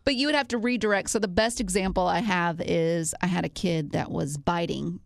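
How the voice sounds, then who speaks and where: Female co-host, gravelly tone, dry studio sound, easy laugh. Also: lowish voice, a little fast, dry recording. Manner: laughs easily, reads out topics. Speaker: radio show co-host. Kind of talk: casual chat.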